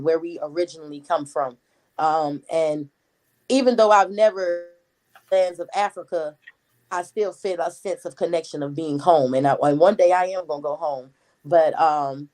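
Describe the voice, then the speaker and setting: A woman in her thirties with a Gullah Geechee accent, a talkative community activist answering interview questions in a steady flow. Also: sits low, poor audio. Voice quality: talkative, words flow quickly.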